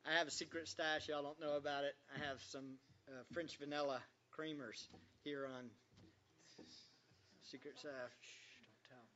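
A man's voice: on the high side, little pitch movement, moderate pace, sharp tone, lo-fi sound, a little hiss or hum. A male pastor preaching a sermon in a conversational, joking way, quizzing the congregation as he goes.

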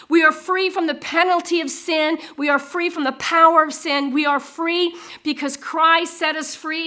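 A middle-aged woman preaching a sermon, moving between teaching and lively storytelling with emphatic repetition. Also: high voice.

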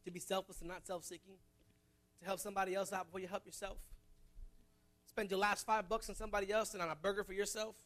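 A man preaching a sermon, with a remarkably high voice. His tone is bright and tense, and he swings from joking asides to loud exhortation. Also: level tone, fast talker.

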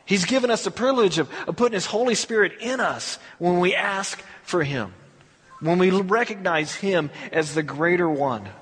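Male pastor, high husky voice, lively conversational preaching, long hall reverb. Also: moderate pace. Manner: animated, conversational preaching with acted asides. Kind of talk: sermon.

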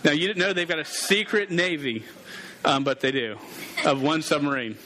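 A man's voice: fairly high pitch, moderate pace, bright, forceful tone. Playful man preaching to a youth group. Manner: playful, interactive, calls out to the group. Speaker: youth pastor. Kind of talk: casual sermon.

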